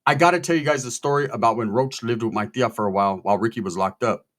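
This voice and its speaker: A man telling a story in a casual, profane, animated way, acting out the people in it. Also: mid-range voice, quick pace. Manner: profane, animated, quotes people in their voices.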